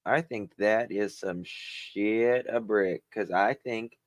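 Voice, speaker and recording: A man with a fairly low voice speaks slowly, with no room sound. Hosting a casual livestream, he greets chatters one by one and talks candidly, swearing now and then.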